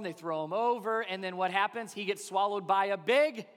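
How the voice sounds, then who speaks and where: High-voiced male pastor preaching in a reverberant hall. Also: fairly quick, a bit bright. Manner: conversational preaching with rhetorical questions. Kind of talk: sermon.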